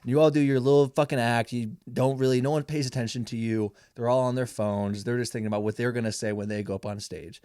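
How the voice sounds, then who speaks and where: A man's voice: mid-range voice, fairly even intonation, quick pace, few pauses, a little mellow, clear, resonant tone, no room sound, clean studio sound. A young man hosting a casual solo podcast, rambling and swearing freely, mocking himself as he talks. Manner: rambling, profane, self-mocking. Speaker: podcast host.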